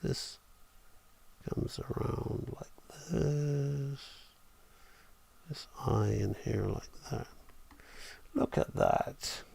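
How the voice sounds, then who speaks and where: A man's voice: medium pitch, expressive, very slow, vocal fry, long pauses, mellow, slightly rough. A man teaching animation on a live stream, enthusiastic and thinking aloud as he draws. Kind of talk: live-streamed drawing tutorial.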